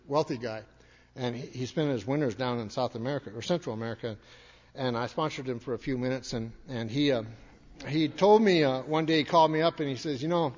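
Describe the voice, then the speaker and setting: A man giving a folksy, rambling talk to a recovery meeting, repeating his words as he tells stories. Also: a little high. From Montana. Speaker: AA speaker. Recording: dull recording in a reverberant hall.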